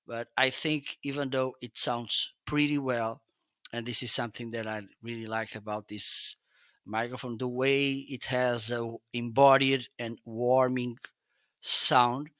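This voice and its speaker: A man hosts a relaxed product review livestream, chatting and often checking in with "okay?". His voice is very bright and forward. It is recorded dry and close on a studio microphone. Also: mid-range voice, unhurried, clear, resonant tone, dry recording. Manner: chatty, repeats "okay?", frequent restarts. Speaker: live-stream product reviewer. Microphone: close dynamic studio mic.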